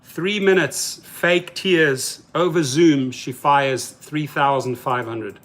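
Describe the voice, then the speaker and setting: A man's voice: on the high side, takes it slowly, fairly bright tone. A man hosting a live stream in casual talk, reading viewer comments aloud and speaking in heated, colloquial terms. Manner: heated, mocking.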